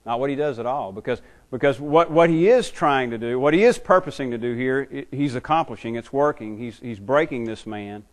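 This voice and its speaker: A man's voice: mid-range voice, fairly quick, few pauses. A man preaching a sermon as a pastor, earnest and often repeating words as he builds his points.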